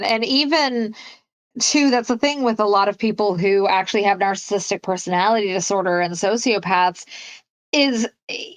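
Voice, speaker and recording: A woman co-hosting a casual film discussion, animated and acting out the characters' lines as she retells scenes. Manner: animated, acts out quotes in a higher voice. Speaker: podcast co-host.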